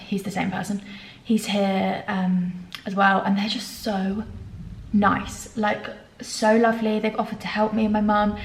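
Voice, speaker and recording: A young woman in her twenties chatting casually to camera in a vlog, excitable and full of fillers. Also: fairly high pitch. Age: 20s. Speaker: vlogger. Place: indoors, mostly empty new flat. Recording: echoey room, faint background noise.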